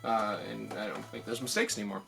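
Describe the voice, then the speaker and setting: A man hosting a video channel, giving a casual how-to tutorial in a relaxed, chatty way with plenty of ums and uhs. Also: lowish voice, brisk, creaky, soft background music.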